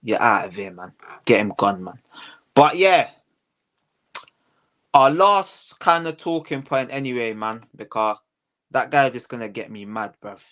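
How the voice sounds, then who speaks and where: A man's voice: mid-range voice, expressive, a little slow, pauses often, fairly bright tone. A man hosting a casual commentary show, ranting heatedly and repeating himself, full of slang. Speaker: host.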